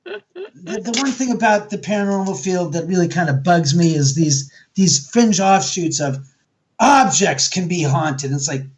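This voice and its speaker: This haunted house owner, a guest in an animated interview, has a high-pitched, expressive voice and talks a little slowly. He tells his stories bluntly, swearing often and acting out the quotes.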